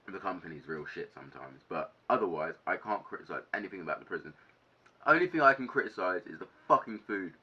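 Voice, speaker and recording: A young man telling a casual storytime to camera, animated, ranting and swearing a lot. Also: low voice, fast, husky. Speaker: vlogger. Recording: dull lo-fi sound.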